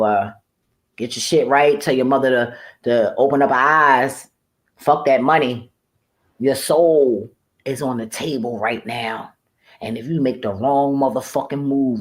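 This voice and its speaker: A woman's voice: a bass voice, slow pace. A woman vlogger ranting casually to camera in a blunt, profane way, often laughing at her own remarks. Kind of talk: casual rambling rant to camera.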